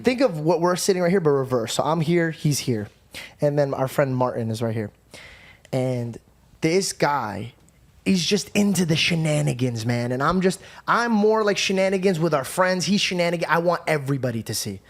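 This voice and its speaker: A podcast host telling a story in animated, casual chat, excitable and swearing, acting out both sides of an argument. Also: male voice, a little high, moderate pace.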